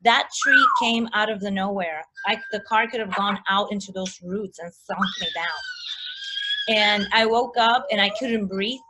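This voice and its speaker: A woman telling a personal story as a guest in a casual chat, animated, full of likes and restarts. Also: mid-range voice, moderate pace, noisy background.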